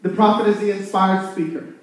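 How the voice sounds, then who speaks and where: A man's voice: sits high, fairly even intonation, brisk. A man preaching a fired-up sermon as pastor, talking with his congregation and asking them questions. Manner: fired-up, conversational preaching with call-and-response. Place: church sanctuary. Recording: echoey room, from far off.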